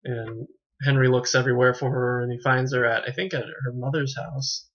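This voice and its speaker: Male reviewer, husky, rambling, self-correcting; dull lo-fi home recording. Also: medium pitch, steady tone, moderate pace, a bit bright. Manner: rambling, self-correcting, trips over words. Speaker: film reviewer. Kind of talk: casual unscripted review.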